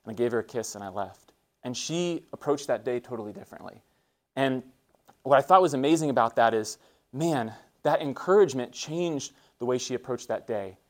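A man's voice: mid-range voice, animated, a little fast. A man in his thirties giving an earnest, conversational faith talk to students, with frequent fillers and restarts. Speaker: guest speaker at a school.

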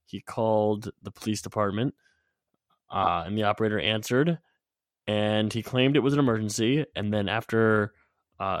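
A man's voice: fairly low pitch, smooth, dry recording, studio quality. A man co-hosting a sports podcast, sounding nasal and congested, blunt and casual with some swearing. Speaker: podcast co-host.

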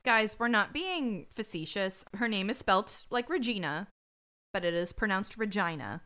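A woman's voice: mid-range voice, lively intonation, normal speed, bright, forceful tone. A woman co-hosting a podcast, recapping an episode in casual, wry chat and swearing freely. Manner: wry, quotes characters in mock voices, swears casually. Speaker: podcast co-host.

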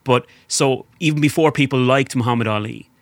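A man's voice: medium pitch, fairly quick, no room sound. A man co-hosting a podcast, telling stories confidently in casual chat. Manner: storytelling, confident, adds facts. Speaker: podcast co-host.

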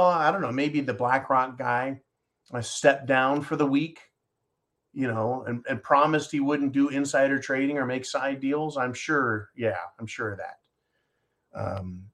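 A man's voice: medium pitch, a bit bright. A man hosting a talk show, ranting in angry, sarcastic political commentary and answering listener comments.

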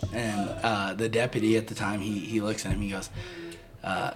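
A man's voice: fairly low pitch, moderate pace, faint music behind. A man telling a story in a casual chat, acting out the people in it and laughing as he goes. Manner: animated, laughing, acts out quoted voices.

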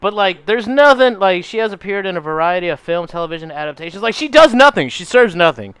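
A man's voice: high-pitched, expressive, fast talker, fairly bright tone, smooth, no room sound. A young man co-hosting a podcast in casual chat, playful and teasing, often trailing off in fillers. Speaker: podcast co-host.

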